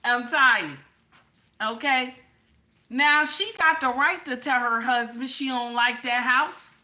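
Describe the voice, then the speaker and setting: Bright, teasing woman. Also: high-pitched, slow. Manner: animated, teasing, talks straight to chat viewers. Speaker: livestream host reading chat. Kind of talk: casual reaction livestream chat.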